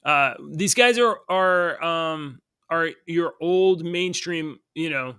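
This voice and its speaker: A man with a bright, tense, slightly high voice throws in quick agreement and sarcastic remarks during casual political chat. The recording is close and dry, with no room echo. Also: smooth. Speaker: podcast co-host.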